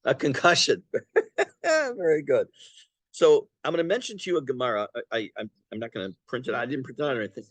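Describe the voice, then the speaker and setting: Lively rabbi explaining a Talmud story. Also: male voice, medium pitch, no echo. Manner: translates Aramaic phrase by phrase, lively and conversational; halting restarts and fillers while explaining. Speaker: rabbi teaching a class.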